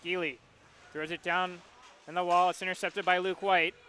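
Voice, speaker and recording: A man calling live hockey play-by-play, following the puck in quick, rhythmic bursts. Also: sits high, level tone, sharp tone, slight background noise. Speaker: play-by-play announcer.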